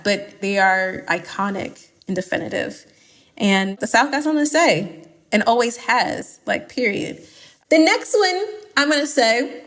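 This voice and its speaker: A woman's voice: fairly high pitch, a bit bright. A young woman from Atlanta, a podcast guest chatting casually and emphatically, laughing often as she gives strong opinions. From Atlanta, United States.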